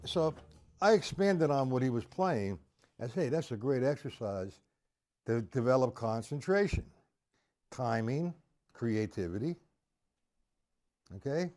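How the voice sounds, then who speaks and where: A drum teacher runs a live-streamed lesson, walking through exercises slowly and chattily, greeting viewers by name, and scatting rhythms aloud. His mid-range voice is animated with a darkish tone.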